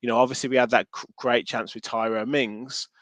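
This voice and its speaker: A man with a mid-range voice talks briskly as co-host of a football podcast, with no room sound. His chat is casual and animated; he often restarts his sentences and reads out viewer comments.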